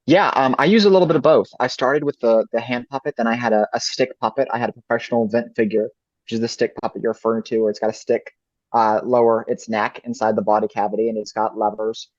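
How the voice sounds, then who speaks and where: A man's voice: mid-range voice, fairly even intonation, quick pace, no echo. A man answering interview questions as a ventriloquist guest, reflective and thinking aloud. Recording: dull lo-fi dry recording.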